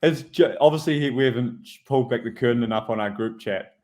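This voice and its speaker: A man's voice: medium pitch, quick pace, a little mellow. A man, a podcast co-host and former pro cyclist, chatting casually with dry, wry remarks. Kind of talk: casual chat.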